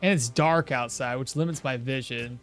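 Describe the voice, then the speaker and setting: A young man streaming a survival game, chatting loosely and telling a profane story with sudden loud outbursts. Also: mid-range voice, moderate pace, soft background music. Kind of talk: casual gameplay commentary.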